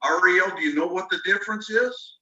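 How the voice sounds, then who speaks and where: Teaching an online class, this man explains spelling rules patiently and spells each word letter by letter. He has a high, brisk voice with a sharp tone, and the lo-fi audio comes from a distant video call microphone in a roomy space.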